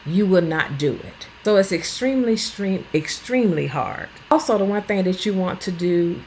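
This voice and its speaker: Plainspoken woman in her fifties, earnest and blunt, lowish voice, chatty vlog talk at home. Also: expressive, normal speed, a little mellow, slight background noise, rough recording. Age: 50s. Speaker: lifestyle vlogger. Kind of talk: casual talk while cleaning.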